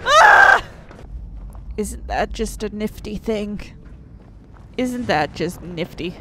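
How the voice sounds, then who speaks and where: A young woman giving gameplay commentary at a desk microphone, swearing constantly and breaking into angry shouted outbursts. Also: medium pitch, animated, slow pace, very noisy. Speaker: let's play host.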